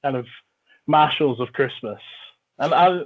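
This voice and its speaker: Male podcast host, jokey and eager, mid pitch, narrow phone-like audio. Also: a little slow. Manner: enthusiastic, jokey. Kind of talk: casual film chat.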